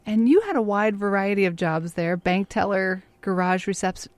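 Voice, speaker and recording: A woman's voice: mid-range voice, moderate pace, no echo. Friendly woman interviewer, dry sound. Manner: friendly, asks prepared questions. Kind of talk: casual interview.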